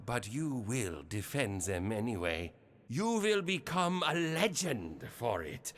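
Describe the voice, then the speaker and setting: An actor playing a mysterious, cryptic puppeteer spirit who speaks slowly and solemnly with a German accent. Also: male voice, mid-range voice, a bit bright, full character voice. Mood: commanding.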